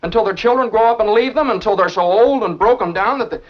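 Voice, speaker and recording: Actor doing earnest young man in an old movie, urgent and stammering, high voice, dull lo-fi soundtrack. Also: fast, close to an everyday voice. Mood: indignant. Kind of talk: 1940s film acting.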